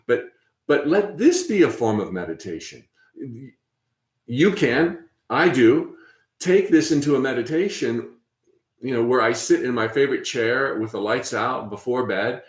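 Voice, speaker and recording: A man hosting a spiritual talk, conversational and encouraging, often repeating phrases softly as he guides listeners. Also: medium pitch, roomy sound. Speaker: host.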